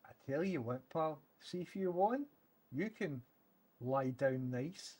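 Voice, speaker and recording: A man's voice: a little high, animated, slow, darkish tone, slightly rough. A man chatting casually on a live stream, cooing doting baby talk to his dog.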